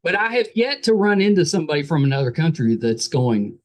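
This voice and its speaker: A man's voice: a little high, big pitch swings, brisk. A man with a West Virginia accent hosting a podcast interview, enthusiastic and jokey, often repeating his words. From West Virginia, USA. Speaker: podcast host. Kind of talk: casual interview chat.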